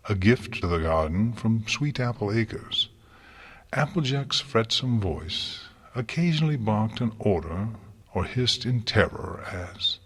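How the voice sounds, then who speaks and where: Husky-voiced male audiobook narrator. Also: on the low side, a bit bright.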